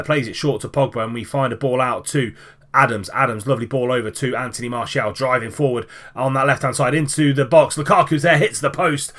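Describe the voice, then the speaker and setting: A man giving casual play-by-play commentary over a football management game, lively, with many fillers and restarts. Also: mid-range voice. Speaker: gaming commentator.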